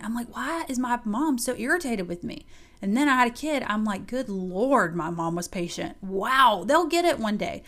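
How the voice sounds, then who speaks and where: A young woman and mother talking casually to camera, giving emphatic, animated pep talks to other moms. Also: sits high. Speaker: mom giving advice to mothers. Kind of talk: casual motivational talk to camera.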